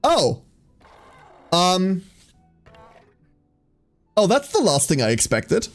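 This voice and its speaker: Male streamer, casual sweary play-by-play, lively up-and-down delivery. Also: high voice, drawn-out words, faint music behind. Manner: sweary, wry play-by-play with laughs. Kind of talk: casual gaming commentary.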